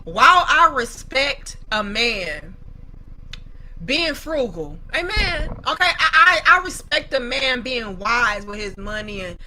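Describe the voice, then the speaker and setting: A woman's voice: fairly high pitch, expressive, slow, pushed and bright, a little hiss or hum, poor audio. A young woman host giving casual, profane commentary on viewer comments and telling dramatic stories.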